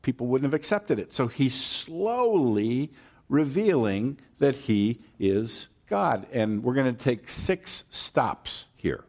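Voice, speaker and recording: Unhurried, animated male preacher. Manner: animated storytelling, acting out the disciples' panic in a high voice; conversational, checks in with the crowd. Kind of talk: sermon.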